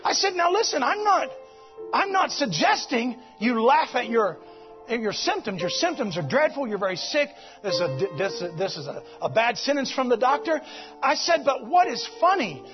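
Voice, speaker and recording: A fervent preacher man with a very high, ringing voice urges his congregation on, often breaking into shouts. Music plays loudly behind him in a muffled, dull-sounding recording. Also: big pitch swings, normal speed. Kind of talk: Pentecostal-style sermon. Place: church service.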